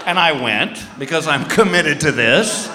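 A man's voice: fairly high pitch, lively intonation, unhurried. A man in his fifties doing a self-mocking stand-up routine, acting out the dialogue in his stories. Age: 50s. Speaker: stand-up comedian. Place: live comedy venue on stage. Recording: live hall reverb, audience noise.

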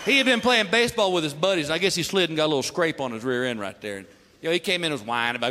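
A man performing a stand-up comedy routine, telling animated family stories and acting out his son and wife. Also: fairly high pitch, rapid-fire, some chatter behind. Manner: animated storytelling, acts out family members. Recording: live hall recording with loud background noise.

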